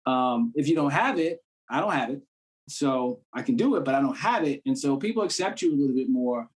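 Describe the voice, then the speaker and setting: Talking a little fast with lively intonation in a mid-range voice, this Cambridge, Massachusetts man is a guest actor in a relaxed conversation. He speaks loosely and keeps saying "you know what I'm saying."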